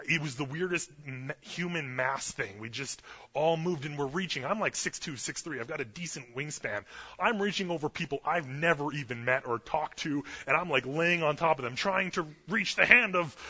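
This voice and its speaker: A young man preaching a casual storytelling sermon, chatty and animated, loudly acting out the quotes. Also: a little high, moderate pace, slightly rough. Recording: muffled lo-fi sermon recording.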